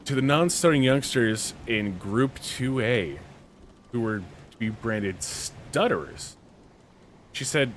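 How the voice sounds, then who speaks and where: Animated man reading and riffing. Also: medium pitch, takes it slowly, a little hiss or hum. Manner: reads aloud then riffs with slangy asides. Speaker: podcast co-host. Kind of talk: casual reading and commentary.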